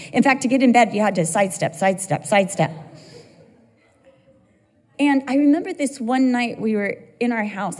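A woman preaching a sermon, telling a personal story in an animated way with bursts of laughter. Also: medium pitch. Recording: long hall reverb.

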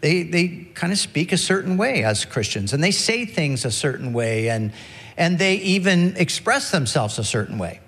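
A man's voice: a little high, big pitch swings, normal speed, fairly bright tone, husky. Man preaching in an echoing church. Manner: conversational, many restarts and "you know". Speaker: pastor. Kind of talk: sermon.

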